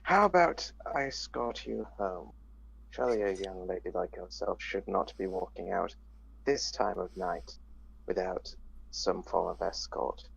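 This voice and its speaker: Formal, awkward young British academic, voiced by a man; low, gravelly, lively delivery. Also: a little slow, full character voice. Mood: gallant. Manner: stiff, polite, old-fashioned phrasing. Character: awkward, overly formal young male British PhD student. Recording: lo-fi online voice chat.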